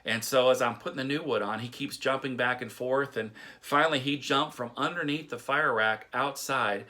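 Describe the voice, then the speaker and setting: A man's voice: mid-range voice, fairly even intonation, moderate pace, bright, forceful tone. A middle-aged man from Texas giving a casual devotional talk, telling folksy stories with chuckles and restarts. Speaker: devotional speaker.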